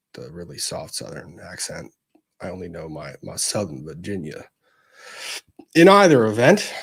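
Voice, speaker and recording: A man's voice: medium pitch, husky. A man hosting a casual livestream, chatting upbeat and reading out viewer comments. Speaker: livestream host.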